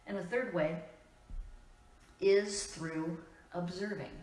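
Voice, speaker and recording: Her sermon comes through the reverb of a church sanctuary, recorded from some distance. The woman pastor has an Upper Midwest lilt, a slightly low pitch, and a steady, somewhat mellow tone, speaking earnestly with measured pauses between phrases.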